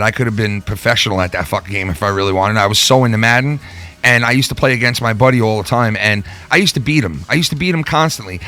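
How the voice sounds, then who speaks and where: Foul-mouthed, animated male storyteller. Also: medium pitch. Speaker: podcast host. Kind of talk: casual podcast chat.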